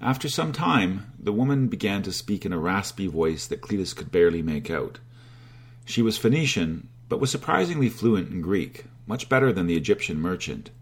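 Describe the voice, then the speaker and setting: Deep husky male storyteller. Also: very animated, moderate pace. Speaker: narrator. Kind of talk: storytelling narration.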